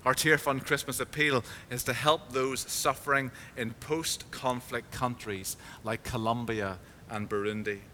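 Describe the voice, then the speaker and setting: A male preacher delivering a sermon in a clear, bright voice, storytelling with small hesitant restarts. His words ring out with a long hall reverb, and a faint low rumble sits behind them. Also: steady tone, measured pace, few pauses.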